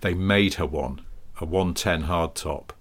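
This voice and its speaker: A man's voice: sits low, measured pace. A man, co-hosting a casual podcast and telling anecdotes with dry banter. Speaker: podcast co-host. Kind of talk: casual chat.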